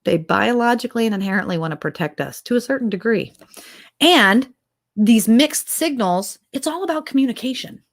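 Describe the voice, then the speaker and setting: A woman's voice: medium pitch, animated, moderate pace. A woman, a mother, hosting an opinionated talk show, firing off rhetorical questions and acting out quoted exchanges. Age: adult mother. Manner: impassioned, fires off rhetorical questions; acts out quoted dialogue in other voices. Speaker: host.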